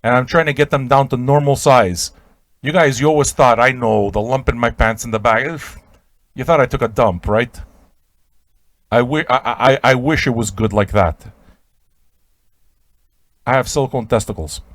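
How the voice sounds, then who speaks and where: Man, radio host, absurd rambling monologue, stammering restarts, dry sound, loud bursts. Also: mid-range voice, moderate pace, pauses often, dry recording. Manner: sudden loud shouted outbursts. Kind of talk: improvised comic storytelling.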